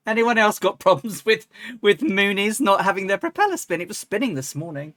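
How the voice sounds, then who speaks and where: A woman's voice: mid-range voice, sing-song, a little fast, a bit bright, no room sound. A woman streaming a flight simulator, chatting casually and rambling with lots of ums and restarts, now and then breaking into laughs. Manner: bursts into laughs and chants. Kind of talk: casual live-stream chat.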